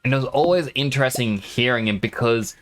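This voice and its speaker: A man's voice: mid-range voice, brisk, noisy background. A young man talking casually over a game stream. He sounds sleepy, rambles from topic to topic and often laughs. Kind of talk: casual gaming stream chat.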